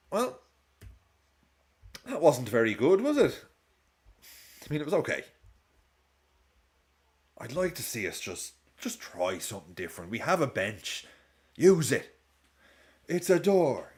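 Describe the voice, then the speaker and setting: A man with a casual, rambling manner, chatting and laughing often as he hosts a live football watch-along stream. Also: lowish voice.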